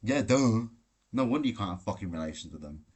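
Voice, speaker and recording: Man, live Q&A host, blunt and swearing, rants at chat, lowish voice, hotel room. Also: animated, fairly quick, a little mellow, husky. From Britain. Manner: brash, profane ranting. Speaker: livestream host. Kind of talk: live Q&A, answering chat questions.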